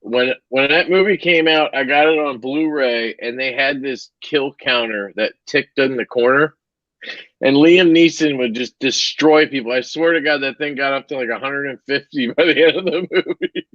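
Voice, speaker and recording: A man's voice: medium pitch, normal speed, a bit bright, no room sound. Male podcast co-host, easygoing and profane, dry muffled home recording. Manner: loose, swearing, joking. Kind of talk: casual podcast chat.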